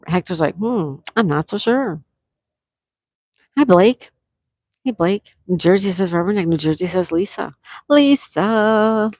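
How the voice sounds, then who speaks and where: A woman's voice: medium pitch, animated, a little mellow, no room sound. A woman hosting a casual trivia livestream, reading out viewers' answers from the chat and stretching out each question. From near Fort Lauderdale, Florida. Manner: chatty, reads out chat names and answers, drawn-out questions. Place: indoors at home during a thunderstorm.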